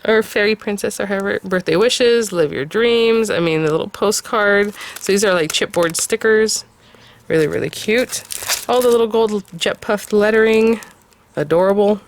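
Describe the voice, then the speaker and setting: A woman's voice: medium pitch, moderate pace, a little hiss or hum. A woman in her thirties hosting a craft channel, casually unboxing a kit in a chatty, gushing way with many fillers.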